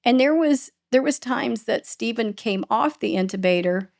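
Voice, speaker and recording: A middle-aged woman, a podcast host being interviewed, recounting a painful family loss in a halting, emotional way. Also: fairly high pitch, animated, gravelly, darkish tone. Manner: halting, restarts and voice breaking with emotion. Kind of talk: emotional personal storytelling in an interview.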